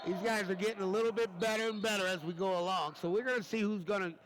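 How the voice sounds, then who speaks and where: A man's voice: high-pitched, steady tone, fast talker, a crowd in the background. A man giving live basketball play-by-play in a folksy, chatty way, often repeating his phrases. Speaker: play-by-play commentator.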